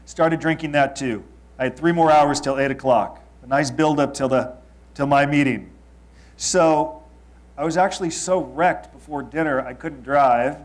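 A man in his thirties from Los Angeles, telling a confessional story to an audience. He swings between loud emphasis and quiet asides. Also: fairly high pitch, a little slow. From Los Angeles, United States. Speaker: speaker.

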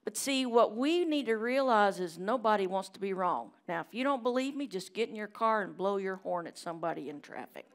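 A middle-aged woman preaching a sermon in a church chapel, telling stories with loud emphasis and hushed asides. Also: medium pitch, expressive, fairly quick, few pauses.

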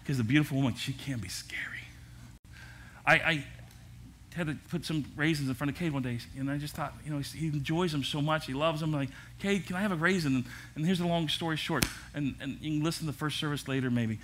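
An older man, a pastor, preaching a sermon at a church service in a lively way, with jokes and asides. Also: fairly high pitch, fast talker, slight background noise.

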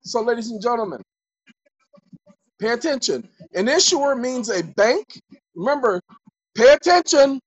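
Woman kinda high voice, lecturing viewers, reading legal stuff out loud, repeats herself for emphasis. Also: very animated, measured pace, pauses often, husky, highs cut off. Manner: emphatic, repeats phrases, shifts to loud shouted bits; reads legal definitions aloud. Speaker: online commentator.

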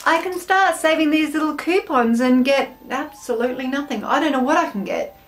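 Aussie girl doing a snack taste test, bubbly, jokes about herself, kinda high voice. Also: lively intonation, normal speed, soft background music. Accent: Australian. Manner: bubbly and self-mocking. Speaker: vlog host taste-testing snacks. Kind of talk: casual chat to camera.

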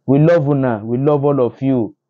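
A man's voice: mid-range voice, steady tone, normal speed, narrow, tinny audio. Indignant Nigerian Pidgin-speaking man. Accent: Nigerian Pidgin English. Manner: indignant, repetitive, stumbling restarts. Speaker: news commentator. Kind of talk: social media news commentary.

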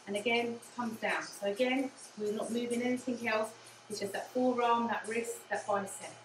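A woman with an English accent runs a guided low impact cardio class in a steady tone at a moderate pace. She encourages the group, keeps repeating "again" and "yeah," and sometimes runs short of breath. The background is noisy, with music, echo and a distant mic.

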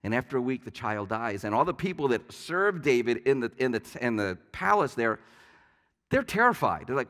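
A man's voice: mid-range voice, big pitch swings, normal speed, fairly bright tone, long reverb tail. A man preaching a sermon as pastor, telling stories in a conversational way with light asides. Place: church sanctuary.

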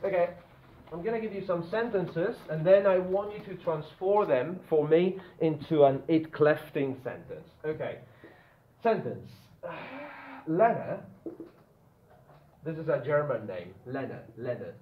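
A man's voice: on the high side, expressive, a little slow. Guy teaching grammar to a class, keeps repeating stuff and asking yeah?, sounds like a phone line. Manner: repetitive, checks understanding often. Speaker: English teacher. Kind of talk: grammar lesson. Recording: tinny phone-like audio with faint noise.

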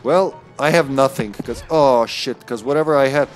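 A man's voice: mid-range voice, normal speed, soft background music. Joking, swearing man streaming a game. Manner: joking, swearing, laughing often. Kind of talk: live gameplay commentary.

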